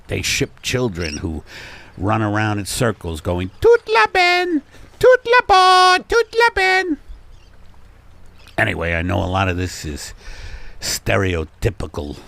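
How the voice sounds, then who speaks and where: Male comic, gruff, sardonic, rambling, slow gravelly delivery. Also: low voice, fairly bright tone. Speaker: comedian host. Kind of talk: improvised comic monologue.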